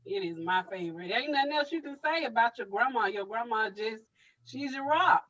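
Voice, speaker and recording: A woman's voice: a little high, animated, a little fast, a bit bright, recorded from a distance, muffled recording. A woman co-hosting a casual chat, reminiscing. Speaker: co-host.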